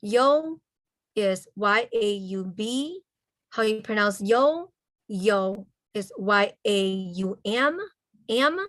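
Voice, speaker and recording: A woman teaching a language lesson over a video call. Her voice sits at an ordinary middle pitch, and the sound is dry and close with no room around it. She spells things out slowly and keeps checking in with "okay?" after each point. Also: fairly bright tone, no echo. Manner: slow, careful spelling-out of letters and sounds.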